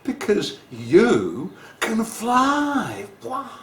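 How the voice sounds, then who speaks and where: A man's voice: sits high, huge pitch swings, extremely slow, fairly bright tone, roomy sound, voice pushed up, heavily acted. A man doing a vain, preening peacock. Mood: wistful. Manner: showy, preening storybook voice. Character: vain, proud peacock who cannot fly.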